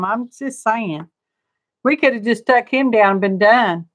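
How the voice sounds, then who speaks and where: Speaking at a measured pace in a slightly high voice, a crafting channel host keeps up homey, rambling talk to viewers and herself while doing a live craft demo. There is no echo on the recording.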